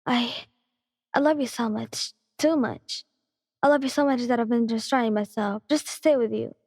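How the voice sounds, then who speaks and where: A woman voicing a hot-tempered young man begging his girlfriend to stay, in a breathy, shaky ASMR storytelling voice. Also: a little high, normal speed, no echo, studio quality, big-room sound. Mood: desperate. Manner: pleading, shaky and soft.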